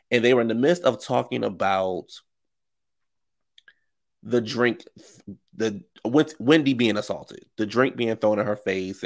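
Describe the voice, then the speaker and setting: A man with a low, gravelly voice, rambling through casual gossip commentary. He talks in a chatty, slangy way and breaks off into asides. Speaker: commentary vlogger.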